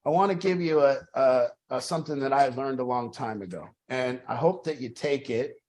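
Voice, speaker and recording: A man's voice: mid-range voice, normal speed, darkish tone. A man leading a group session, his voice in a middle register. He speaks emphatically, circling back on key phrases and restarting sentences. Now and then he swears for emphasis. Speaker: group leader. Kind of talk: motivational group talk.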